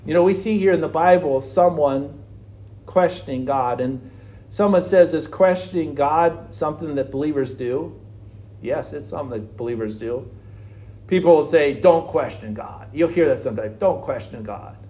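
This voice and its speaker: A man's voice: a little high, normal speed, mellow. A man preaching an earnest sermon on struggling faith, full of rhetorical questions. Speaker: pastor.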